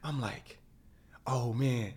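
Animated man telling a story. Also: medium pitch, takes it slowly. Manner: animated storyteller, acts out quoted voices. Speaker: guest. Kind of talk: storytelling interview.

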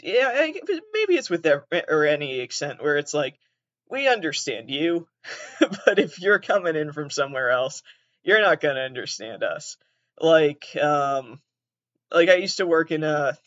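A man's voice: on the high side, a bit bright, dry recording, dull audio. A man with an upper Midwestern, near-Canadian accent hosting a casual solo podcast. He rambles, laughs mid-sentence, swears freely, and pokes fun at himself. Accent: upper Midwestern / southern Canadian. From southeastern Massachusetts. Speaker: podcast host.

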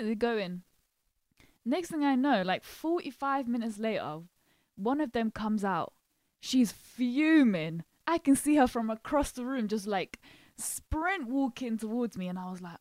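A young woman hosting a podcast, telling work stories in a casual, animated way and acting out what people said. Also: a little high, moderate pace, no echo, studio quality. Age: young adult. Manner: animated, acts out quotes, laughs often. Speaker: podcast host. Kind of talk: casual storytelling chat.

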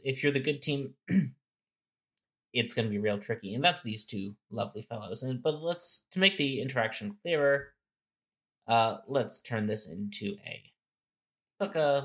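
A man's voice: medium pitch, fairly bright tone. A man co-hosting a podcast, talking through board game strategy in a casual, explanatory way with many fillers and restarts. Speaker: podcast co-host.

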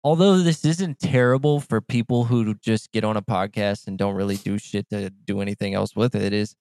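A man's voice: fairly low pitch, steady tone, moderate pace, darkish tone, no room sound. A man co-hosting a podcast in casual chat, laid-back and blunt, with some swearing. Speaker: podcast co-host.

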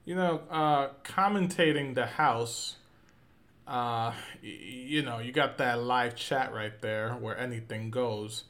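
A man's voice: mid-range voice, slow pace, fairly bright tone. A man hosting a casual interview, asking loose, rambling questions with fillers. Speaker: interviewer, host.

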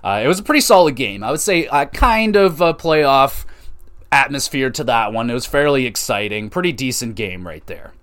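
A young man from Canada hosting a casual solo sports podcast, rambling and swearing as an excitable fan. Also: mid-range voice, normal speed. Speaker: podcast host.

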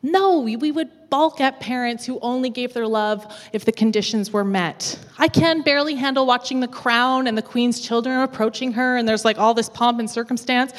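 Lively woman preaching in a hall. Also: fairly high pitch, normal speed. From west coast of Canada. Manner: lively humorous storytelling. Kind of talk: sermon. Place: church auditorium.

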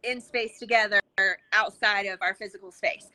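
A woman guest on a podcast, telling animated stories and acting out what people said, with lots of casual fillers. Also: medium pitch, moderate pace, rough recording. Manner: lively, acts out quoted dialogue with many fillers. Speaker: interview guest, intuitive coach. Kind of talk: animated conversational storytelling.

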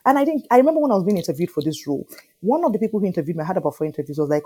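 A woman, an animated storyteller in an interview who keeps asking whether you understand. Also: on the low side, racing, husky. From Nigeria. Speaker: interview guest. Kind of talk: conversational interview.

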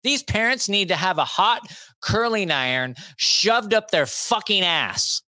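A man's voice: sits high, animated, measured pace, pushed and bright, dry recording. A man hosting a casual podcast chat, blunt and heated, swearing freely.

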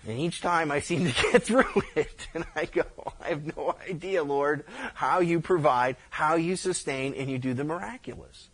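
Middle aged guy pastor, kinda high voice, rambling storytelling sermon, lots of restarts. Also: moderate pace, few pauses. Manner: conversational, animated storytelling with repeated restarts.

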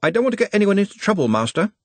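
An earnest young servant boy, all cheerful deference and helpfulness, played by a man reading aloud. His voice sits noticeably higher than the reader's own, with a husky grain. It is delivered in a dry, close audiobook sound. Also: big pitch swings, racing, no echo. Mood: polite. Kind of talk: audiobook character voice.

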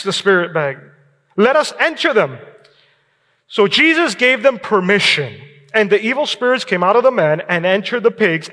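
Male pastor, high voice, sermon in a church with long reverb, conversational check-ins. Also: a bit bright. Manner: preaching with frequent "all right?" check-ins and short laughs. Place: church sanctuary.

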